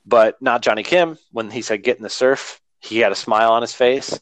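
A man's voice: medium pitch, steady tone, fairly quick, no room sound. A man in casual podcast conversation, an earnest and rambling storyteller talking through his running training. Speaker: runner talking about training.

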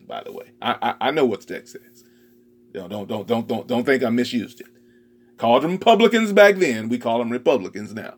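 High, animated preacher calling out to the crowd. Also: male voice. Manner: rhetorical, prodding the crowd with repeated "huh?"; stammering repetitions, bursts of shouting. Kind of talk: sermon.

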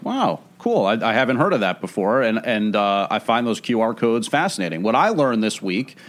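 A man's voice: on the low side, very animated, normal speed. A man hosting a trivia podcast, reading the questions and rules in a chatty, self-deprecating way. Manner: chatty, self-deprecating, stumbles over words.

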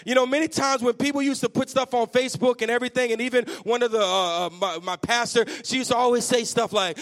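A man with an unusually high voice preaches a sermon as pastor. He tells lively, self-mocking family stories and then builds into fervent exhortation. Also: fast talker, few pauses. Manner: humorous, self-mocking asides.

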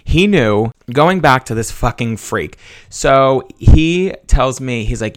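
A young man from Massachusetts hosts a solo podcast and spills gossip in a loose, swearing, chatty tone, often breaking into laughs. His voice sits at an ordinary middle pitch and sounds close and dry, with almost no room sound. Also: lively intonation, slow pace, no echo. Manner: gossipy, profane, laughs while telling. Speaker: podcast host. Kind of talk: casual solo podcast storytelling.

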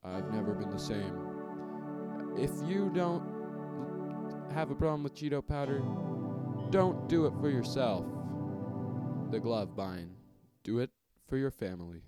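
A man reading parody commercials in a mock-earnest, rambling sales pitch. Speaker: mock ad reader.

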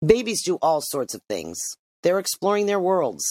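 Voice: medium pitch, lively intonation, normal speed, no echo, lightly acted. A narrator putting on a honey-voiced doctor. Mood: soothing. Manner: honeyed, soothing. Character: reassuring male family doctor, smooth-talking.

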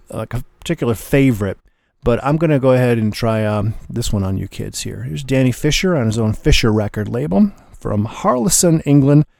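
Man, radio DJ, casual patter, gravelly, dry close sound. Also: medium pitch, no echo. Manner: relaxed, chatty, enthusiastic about the records.

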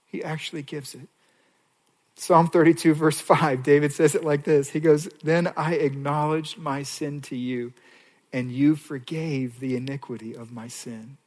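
A male pastor delivering a sermon, moving between hushed pleading and raised, emphatic preaching. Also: fairly high pitch, measured pace. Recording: long hall reverb.

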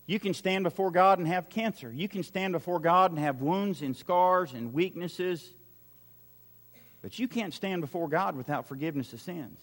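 A pastor delivers a sermon in a high voice at normal speed, his words leaving a long reverb tail in a large, crowded church hall. He drives his points home through repeated phrases and performs the quotes he cites.

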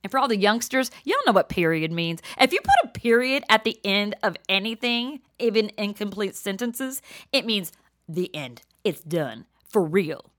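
In her casual storytelling monologue, an older woman hosting a podcast chats through personal stories, laughing frequently and lowering to near-whispers for emphasis. Her voice is medium-pitched and sing-song, at a normal speed.

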